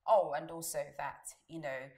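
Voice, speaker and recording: A woman's voice: sits low, normal speed, a little mellow. A woman from Nigeria giving forthright views in an interview, often saying "you know". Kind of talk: interview opinion.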